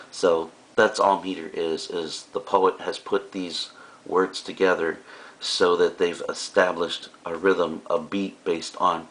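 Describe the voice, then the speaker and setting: A very low-voiced man delivers a recorded classroom lecture in a fairly bright tone. Speaking to his students like a teacher, he keeps his explanations casual and frequently breaks off for fillers and asides.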